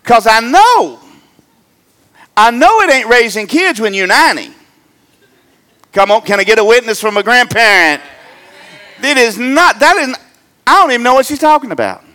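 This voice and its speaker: Middle-aged male pastor, bright, high voice with a wide swinging range, joking sermon delivery. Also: normal speed, long pauses. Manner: animated, joking, swings between loud emphatic and low asides. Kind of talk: humorous sermon.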